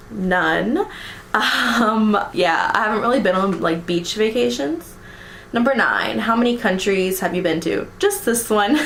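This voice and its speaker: Young american girl reading tag questions, lots of ums and likes, mid pitch, echoey room. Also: creaky, fairly bright tone, a little hiss or hum. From United States. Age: young adult. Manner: chatty, giggly, many ums and likes. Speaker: vlogger.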